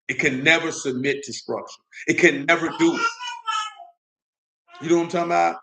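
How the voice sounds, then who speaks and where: Young male preacher with a slightly raised pitch, street-casual delivery, riffing stories into scripture. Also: fairly bright tone, low-quality recording. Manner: street-casual, asks "you know what I'm talking about?". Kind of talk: casual sermon with storytelling.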